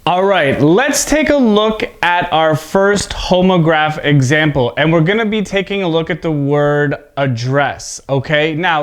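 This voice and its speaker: A fairly high-pitched man gives an English pronunciation lesson. He's patient, frequently checks in with "okay?", and exaggerates word stress in his examples.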